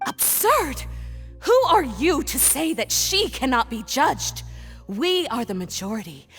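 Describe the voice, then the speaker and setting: A woman's voice: high voice, sing-song, unhurried, a bit bright, slightly rough, in a large hall, soft background music, heavily acted. An actress playing a haughty female juror in a game, scornful and declamatory.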